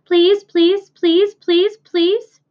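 A woman's voice: very high voice, little pitch movement, drawn-out words, pitched above the performer's own voice, heavily acted. A woman voicing a small gosling who begs in a whiny voice. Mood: begging. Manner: whiny begging. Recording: dull lo-fi recording.

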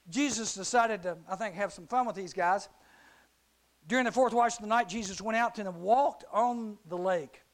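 Middle-aged male youth speaker with a high voice, animated Bible storytelling. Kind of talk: youth sermon.

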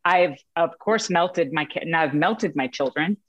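Candid, expressive woman telling stories. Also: deep voice, unhurried, no echo, lo-fi sound. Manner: expressive, candid, self-mocking, mild swearing; acts out voices in vivid quoted asides. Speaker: mother sharing a story with a group. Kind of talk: casual storytelling.

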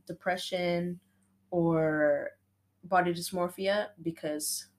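A woman's voice: on the low side, fairly even intonation. A young woman in casual chat, making up a story with a friend and laughing often. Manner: laughs often, acts out characters in quick voices.

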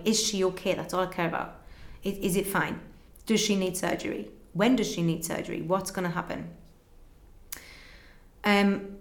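A young woman with a fairly low voice tells a personal story with emotional earnestness. She replays conversations in quick back-and-forth, and the recording carries a roomy echo. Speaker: guest telling her story.

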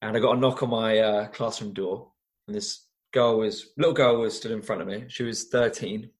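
A young man, a former teacher and youth coach, telling stories in an interview in an earnest, animated way with frequent restarts. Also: on the low side, moderate pace. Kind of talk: conversational interview storytelling.

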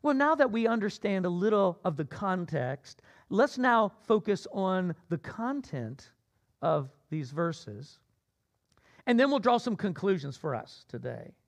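A man preaching a sermon as pastor, swinging between loud emphatic cries and low asides. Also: big pitch swings, unhurried.

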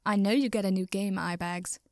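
A woman voicing a hot-tempered young male vampire who talks in a rough, snappish way. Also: mid-range voice, steady tone, brisk, no echo, studio quality, natural voice. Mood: teasing.

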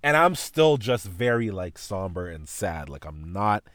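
Animated, profane storytelling man. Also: low voice, a little slow, no echo, studio quality. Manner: animated, profane, voices his teacher and mom in retelling. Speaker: podcast host. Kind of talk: casual storytelling.

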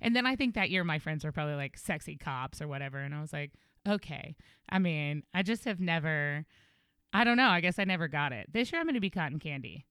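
A woman's voice: low-pitched, animated, fast talker, fairly bright tone, clear, resonant tone, no echo, clean studio sound. A woman chatting casually as a podcast co-host, rambling through stories with frequent giggles. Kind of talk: casual chat.

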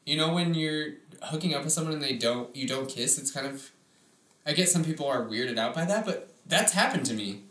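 A woman's voice: deep voice, animated, brisk, fairly bright tone, echoey room. A woman co-hosting a casual podcast, swearing freely and laughing while mocking personal ads she reads aloud. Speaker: podcast co-host.

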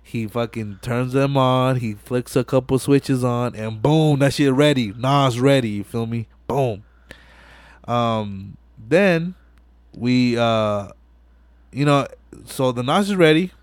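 A man hosts a podcast and walks through a movie in loose, profane street slang, full of fillers. His voice sits at a middle pitch, and the recording is close and dry, with no room echo. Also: slow pace. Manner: slangy, profane, animated storytelling with many fillers. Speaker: podcast host. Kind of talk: casual movie recap.

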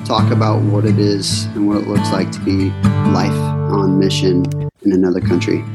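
Man, Midwestern American accent, podcast co-host, loud plucked guitar underneath. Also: lowish voice, monotone, moderate pace. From Midwestern United States. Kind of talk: podcast intro. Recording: loud guitar music behind.

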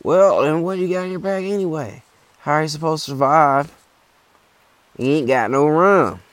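A man voicing a rowdy, rum-loving old man in a boastful, loud drawl. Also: on the high side, normal speed, no echo, pitched above the performer's own voice, natural voice.

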